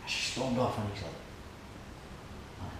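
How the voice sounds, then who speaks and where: Man, lively storytelling lecture, very echoey hall, noisy background. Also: mid-range voice, normal speed. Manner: storytelling, acts out quoted people, laughs along with audience. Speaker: lecturer at a temple. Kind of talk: informal spiritual lecture with anecdotes. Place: hall with an audience.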